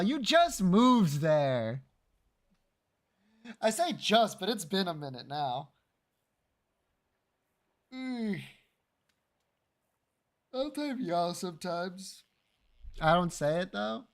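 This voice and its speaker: A man's voice: high-pitched, sing-song, drawn-out words, pauses often. A man streaming live, chatting casually with his viewers, teasing and joking and swearing freely.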